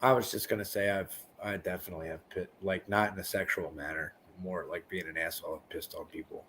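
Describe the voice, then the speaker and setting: A man's voice: low voice, fairly even intonation, fairly bright tone. A man co-hosting a podcast, in crude, rambling casual banter, often acting out quotes. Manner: profane, rambling, quick to act out quotes. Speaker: podcast co-host.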